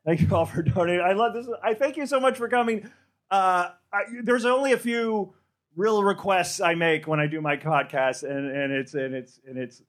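American guy hosting a live podcast show, bit high voice, swears a lot, rambly, keeps restarting sentences. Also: a bit bright. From United States. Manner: loose, profane, joking crowd talk; rambling, with many stammered restarts. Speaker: podcast host. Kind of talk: live podcast stand-up banter. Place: stage before a live audience.

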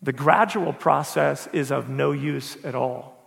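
A man voicing a flaming male angel who speaks quietly and firmly and keeps repeating the same question. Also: fairly high pitch, a little slow, gravelly, voice pushed down. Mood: calm insistence. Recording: echoey hall with long reverb.

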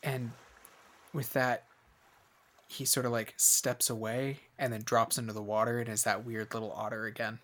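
A man's voice: medium pitch, little pitch movement, moderate pace, a bit bright. A man narrating a tabletop game as game master, in a loose, casual way with fillers.

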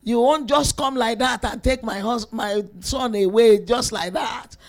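A woman delivers a sermon to women in a high voice. She is emphatic and lively, swinging between soft asides and shouted peaks. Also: unhurried. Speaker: preacher.

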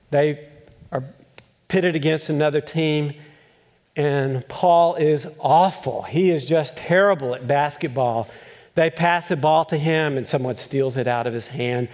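A male pastor preaching a sermon, telling a story with acted-out voices and chuckles, then asking animated questions. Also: a little high, a little slow.

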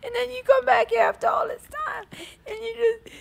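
A woman's voice: very high-pitched, level tone, a little fast, creaky, heavily acted. A woman voicing a pleading co-host who begs and complains in a comedy sketch. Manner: pleading, whiny.

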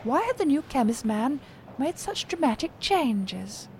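A genteel woman narrates her diary in a prim, breathless way. Her voice sits a little high and has a gravelly edge. There is a faint background hiss. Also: big pitch swings, measured pace, a little mellow. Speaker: diarist narrating her day. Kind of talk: comic diary narration and acted scene.

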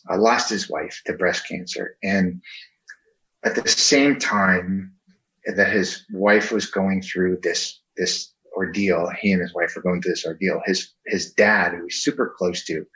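Animated male podcast guest, muffled audio. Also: lowish voice. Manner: animated, acts out quoted people in raised voice. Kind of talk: conversational storytelling.

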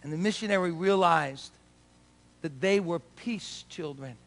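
A male pastor preaching a sermon and giving an altar call in a church with a balcony, moving between hushed prayer and fervent exhortation. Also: a little high, unhurried, in a large hall, a little hiss or hum.

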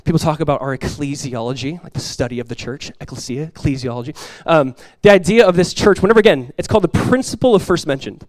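A man preaching a sermon as pastor, conversational and lively, telling stories and acting out quoted voices. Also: on the high side, fast, few pauses, dry recording.

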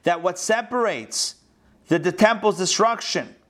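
Rabbi, male, fairly high voice; lively teacher who keeps quizzing his class. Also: measured pace. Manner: animated, rhetorical questions to the class. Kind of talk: interactive lesson.

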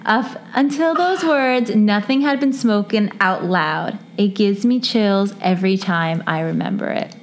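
A woman reads a listener's true story aloud on a podcast, earnest and steady, with joking asides between stories. Her voice sits at a middle pitch. A faint hiss of noise runs behind her. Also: a little slow, few pauses. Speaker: podcast co-host. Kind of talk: reading listener stories aloud, casual chat.

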